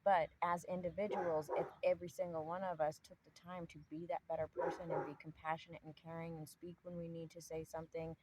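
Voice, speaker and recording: Low-voiced woman, earnest rambling talk. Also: background noise. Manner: earnest, rambling, many fillers. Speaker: astrology channel host. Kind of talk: casual spiritual talk to camera.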